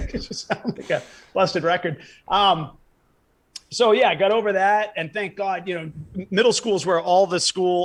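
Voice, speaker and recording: Male stand-up guest, slightly higher voice, quick joke-telling storyteller. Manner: rapid joke-telling, acting out dialogue. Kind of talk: storytelling in casual chat.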